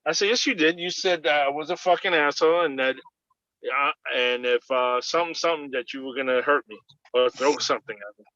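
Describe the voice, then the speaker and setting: A man's voice: mid-range voice, a little fast, bright, forceful tone, no room sound. A man casually retelling a confrontation at his airline job on a video call, animatedly acting out both sides of the exchange. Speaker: airline agent. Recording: dull lo-fi video call audio.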